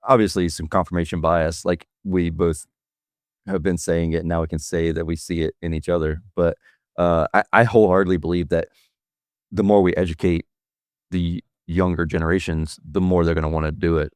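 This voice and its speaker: A middle-aged man hosts a relaxed podcast chat, rambling through anecdotes and often breaking into laughter. His voice sits very low, and the sound is close and dry, with no room around it. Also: moderate pace, smooth, no room sound. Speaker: podcast host.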